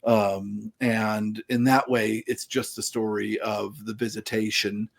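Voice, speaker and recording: A man hosting a casual book discussion, thoughtful and musing, pausing to find his words. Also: lowish voice, little pitch movement, vocal fry. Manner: thoughtful, musing, trails off between ideas. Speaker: podcast host.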